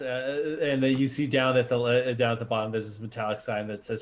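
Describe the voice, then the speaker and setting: A man narrating as game master of a tabletop game, halting often with fillers. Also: mid-range voice, flat delivery, a little hiss or hum.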